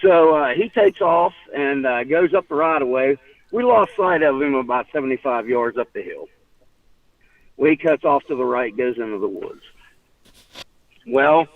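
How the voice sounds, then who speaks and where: A man's voice: high voice, dry recording, far from the mic. A man calling in to tell a story in casual chat, rambling with restarts and laughing often. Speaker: caller. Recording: tinny phone line.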